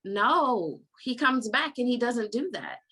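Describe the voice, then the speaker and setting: A woman's voice: on the high side, slow pace, slightly rough. A woman hosting a casual book-club podcast, retelling the story in a frank, slangy way and laughing often. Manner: animated storytelling, voicing characters' lines. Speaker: podcast host.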